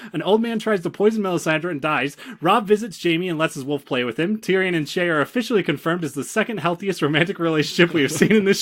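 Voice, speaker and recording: A man on a casual podcast, running through a recap with dry wit. His voice sits high for a man and moves animatedly. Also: a bit bright. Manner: dry, teasing. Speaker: podcast co-host.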